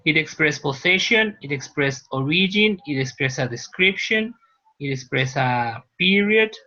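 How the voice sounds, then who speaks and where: A man's voice: fairly high pitch, expressive, unhurried, sharp tone. Guy teaching class, keeps asking "right?", kinda muffled lo-fi sound. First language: Spanish. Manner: explains patiently, checks understanding with "right?". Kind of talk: university lecture.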